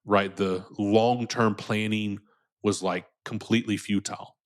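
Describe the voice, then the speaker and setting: A man with a fairly low voice talks candidly as an interview guest. He is earnest and unpolished, and he often restarts and repeats his words as he gathers his thoughts. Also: steady tone, measured pace. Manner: earnest, repeats words when starting sentences.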